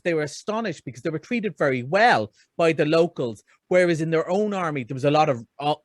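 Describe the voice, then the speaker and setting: A middle-aged man with a notably high voice talks through a film review in a chatty, enthusiastic ramble. The sound is close and dry, with no room around it. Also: dry recording. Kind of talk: casual radio chat.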